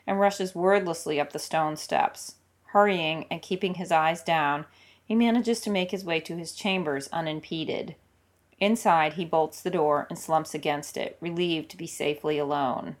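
A woman narrating a story in a calm, steady, intimate reading style. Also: sits low. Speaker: audiobook reader of fan fiction. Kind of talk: scripted narration.

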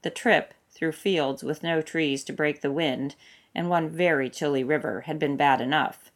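Low-voiced woman reading a story aloud. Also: a little slow. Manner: steady, expressive narration. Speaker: fanfic reader.

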